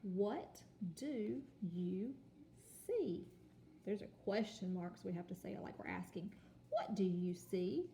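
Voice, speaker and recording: A woman teaching a kindergarten home lesson on video, sounding out letters and words slowly and patiently. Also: lowish voice, gravelly, dark tone, roomy sound, a little hiss or hum. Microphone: phone or camera.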